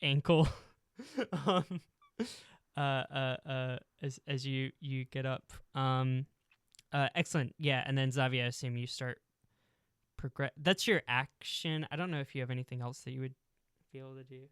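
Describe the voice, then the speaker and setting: Rambling game master narrating a tabletop session; smooth, clear voice, dry close recording. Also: mid-range voice, steady tone, normal speed, fairly bright tone, no room sound. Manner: rambling with many fillers and frequent laughs.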